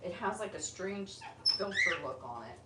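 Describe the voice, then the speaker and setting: Her voice sits on the low side, yet she sounds animated, moving at a moderate pace while chatting and sweetly coaxing her pet bird. The middle-aged woman hosts a bird channel, livestreaming casually indoors at home on a tripod-mounted phone whose distant mic picks up a roomy space and loud noise.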